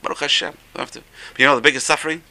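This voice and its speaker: A man's voice: on the high side, steady tone, very fast, creaky, sharp tone, poor audio. A man teaching a religious class who speaks in exclamations and uses Hebrew terms. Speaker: Torah teacher.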